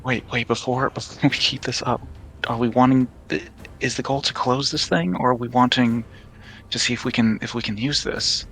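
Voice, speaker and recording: Gravelly-voiced man at a tabletop game. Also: medium pitch, fairly even intonation, normal speed, fairly bright tone, a little hiss or hum. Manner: questioning, repeats words while thinking. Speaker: player. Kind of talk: casual tabletop play.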